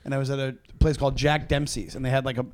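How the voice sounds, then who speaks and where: A man's voice: mid-range voice, little pitch movement, rapid-fire. A middle-aged man, a comedian guest on a podcast, telling stories in a casual, heated and profane way.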